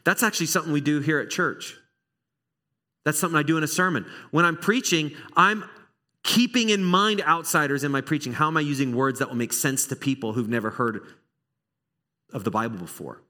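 A man preaching a sermon to his church, conversational and animated, now and then acting out little exchanges between people. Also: fairly high pitch, fairly quick. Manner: animated, conversational, acts out small dialogues. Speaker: pastor. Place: church sanctuary.

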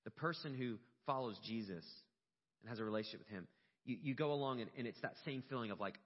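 A man's voice: mid-range voice, fast talker. A middle-aged man preaching a sermon, telling a personal story with rising emotion. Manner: storytelling, animated and emotional at peaks. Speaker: pastor. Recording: dull lo-fi sound with long hall reverb.

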